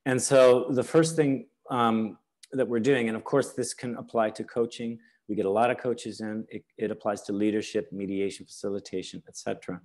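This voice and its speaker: A man giving a teaching webinar over a video call, unhurried, often checking in with "all right?" and "okay?". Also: on the low side, fairly even intonation, a little mellow. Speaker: webinar presenter.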